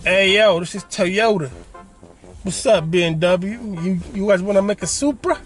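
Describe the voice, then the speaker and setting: A man's voice: sits high, moderate pace, soft background music, voice pushed up, close to an everyday voice. A man voicing a swaggering male car-company rep who talks in brash street slang.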